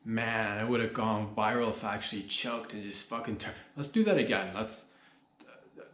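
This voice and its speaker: A man's voice: lowish voice, normal speed, a bit bright. A man hosting a solo comedy podcast, rambling loosely, joking and swearing as he goes. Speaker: podcast host. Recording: echoey room.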